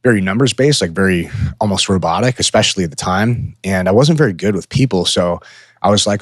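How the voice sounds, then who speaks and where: A man's voice: low-pitched, brisk, no echo, studio quality. A man in his thirties, co-hosting a podcast, telling a hard business story in a casual, profane way and acting out his own past words. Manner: profane, candid, animated when quoting himself. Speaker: podcast co-host.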